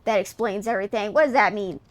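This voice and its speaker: A woman streamer on a headset, reading game text aloud and reacting in an excitable, profane, giggly way. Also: medium pitch, fast talker, background noise. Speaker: streamer playing a video game.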